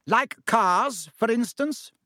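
A man voicing an angry mother scolding her husband, sharp and shouting. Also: very high-pitched, lively intonation, takes it slowly, no echo, clean studio sound, voice pushed up, heavily acted. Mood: cutting. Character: fierce scolding mother, furious wife.

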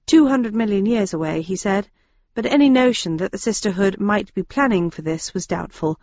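A woman's voice: mid-range voice, lively intonation, normal speed, a little mellow, dry recording, muffled recording. A woman narrating a novel in the first person, in a dry, wry storytelling manner. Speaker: audiobook narrator.

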